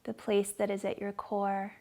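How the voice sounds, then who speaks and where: A woman yoga instructor leading a gentle class from her living room in a slow, soothing guiding voice. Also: mid-range voice, monotone.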